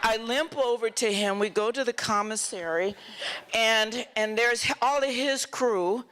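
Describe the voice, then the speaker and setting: Woman, festival guest, onstage Q&A, animated storyteller, frequent laughter, slightly high voice. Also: unhurried. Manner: animated, laughs often, acts out other people's lines. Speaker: honored guest at a film festival Q&A. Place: festival stage before an audience.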